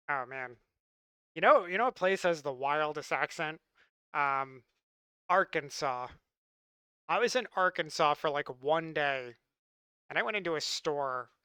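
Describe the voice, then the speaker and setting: A man's voice: a little high, bright, forceful tone, smooth, no echo. A man from Long Island chatting casually with his stream chat in a wry, talkative way. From Long Island, New York.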